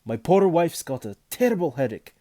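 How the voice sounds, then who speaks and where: A man reading aloud voices an anxious middle-aged householder who warns loudly and urgently. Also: on the high side, big pitch swings, normal speed, pitched above the performer's own voice. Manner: loud, urgent warnings.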